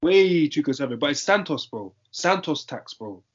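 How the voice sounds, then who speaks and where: A man's voice: on the high side, expressive, moderate pace. Young guy talking football, lots of bro and innit, muffled lo-fi sound. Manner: slangy, emphatic, repeats points. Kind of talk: casual football chat. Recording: dull lo-fi audio.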